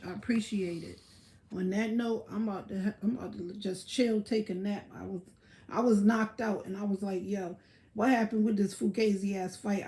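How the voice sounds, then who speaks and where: A woman's voice: medium pitch, warm tone. A woman hosting a livestream, ranting casually in a blunt, profane, boastful way. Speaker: livestream host.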